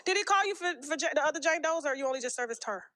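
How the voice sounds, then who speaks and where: A woman with a high voice fires off questions at high speed. As host of a casual interview she is blunt, profane and pushy, and cuts in to press her guest. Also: expressive, rapid-fire, bright, forceful tone, slight background noise.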